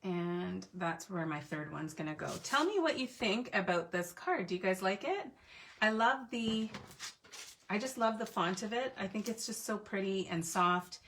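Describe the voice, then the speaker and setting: A woman's voice: medium pitch, lively intonation, moderate pace, a bit bright, a little hiss or hum. A woman in her thirties hosting a card-making live stream from her home craft desk, chatting playfully with viewers as she works. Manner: chatty, playful, talks to viewers while working. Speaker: card-making livestream host. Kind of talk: casual crafting demo chat.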